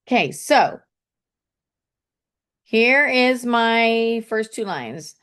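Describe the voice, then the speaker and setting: A woman's voice: mid-range voice, lively intonation, slow, a bit bright, clear, resonant tone. A woman teaching a casual online poetry lesson, chatty and thinking aloud, saying "okay" often and tapping out syllables and stresses.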